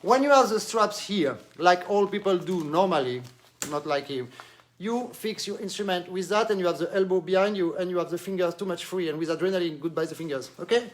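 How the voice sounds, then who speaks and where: A French-accented man with a fairly high voice gives a brisk accordion lesson on a live stream. Animated and hands-on, he points things out while demonstrating and drops French words into his English.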